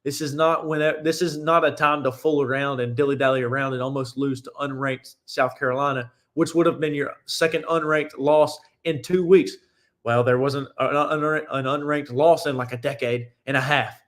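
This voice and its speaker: Young guy ranting about college football on his own show, mid pitch, lots of restarts. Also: steady tone, normal speed, fairly bright tone. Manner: opinionated, rambling, restarts often. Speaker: sports talk show host. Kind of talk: casual solo sports commentary.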